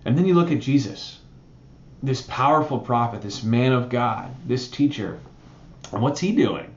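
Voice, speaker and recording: In an echoey room on a lo-fi recording, a pastor with a medium-pitched voice preaches a bit slowly. He talks through a Bible passage in a lively, conversational manner, dropping in "right?" again and again.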